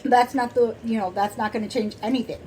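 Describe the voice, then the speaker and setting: Soft-spoken rambling woman. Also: fairly high pitch, fairly even intonation, fairly quick, a little hiss or hum, poor audio. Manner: soft-spoken, rambling with many fillers and restarts. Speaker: podcast co-host. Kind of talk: casual chat.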